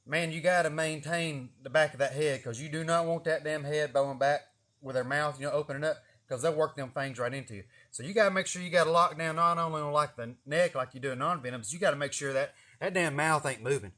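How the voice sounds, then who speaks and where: A man's voice: a little high, fast. A young man, telling a rambling story with lots of cursing and laughing at himself. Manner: animated, profane, laughing at himself. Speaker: vlogger. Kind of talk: casual storytelling.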